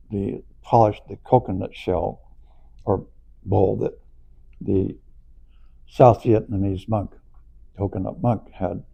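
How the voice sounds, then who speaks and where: Gravelly dark-voiced man telling a story. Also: mid-range voice. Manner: animated storytelling, acts out quoted voices, laughs while telling. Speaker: storyteller recalling past events. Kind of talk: casual anecdote telling. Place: auditorium, on stage.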